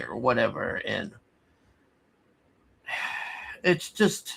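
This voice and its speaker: A man casually recapping a movie plot, rambling and halting with many restarts, sighing in exasperation. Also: mid-range voice, fairly bright tone. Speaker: movie reviewer.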